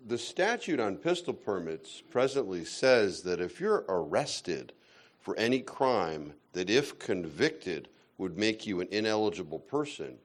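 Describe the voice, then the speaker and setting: Blunt, animated lower-voiced man. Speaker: speaker at a gun owners meeting. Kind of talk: talk to a members meeting.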